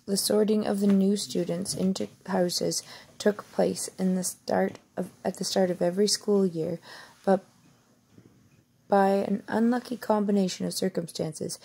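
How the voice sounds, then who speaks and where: A woman's voice: medium pitch, fairly even intonation, unhurried, creaky, dark tone, breathy edge. A woman reading a novel aloud in an unpolished way, often stumbling and restarting words. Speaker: reader.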